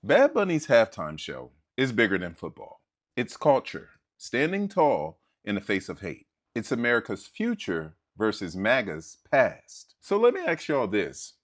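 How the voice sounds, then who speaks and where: A man's voice: on the low side, huge pitch swings, measured pace. A man delivering opinion commentary and asking his audience rhetorical questions.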